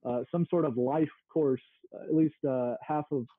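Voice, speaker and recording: A man's voice: fairly high pitch, steady tone, normal speed, dry recording. A man from Mississippi, a guest chatting in an easygoing way and searching for words as he goes. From Mississippi, United States. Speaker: interview guest, small farm owner. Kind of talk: casual conversation. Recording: narrow phone-like sound.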